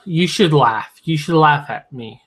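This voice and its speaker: A drunk man talking to his stream viewers with slurred, halting speech, sometimes very soft. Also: fairly high pitch, breathy edge. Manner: talks softly at times. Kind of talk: drunken livestream monologue.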